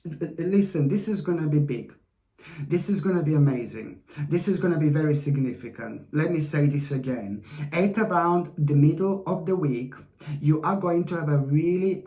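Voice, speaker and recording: An effusive tarot reader talks straight to the viewer, circling back and repeating key points with fond, gushing emphasis. The voice sits at a middling pitch, and the room adds a noticeable echo around it. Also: mellow. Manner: effusive, repetitive, addresses the viewer fondly. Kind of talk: weekly horoscope tarot reading to camera. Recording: roomy echo.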